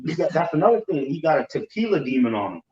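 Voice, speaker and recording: A man recounts events in animated, casual chat, stumbling over repeated words and cursing as he goes. His voice sits a little high and comes from away from the mic. The sound is roomy and dull. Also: quick pace, recorded from a distance, over a noisy crowd. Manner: animated, repeats himself, swears. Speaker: religious group member. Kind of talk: casual storytelling.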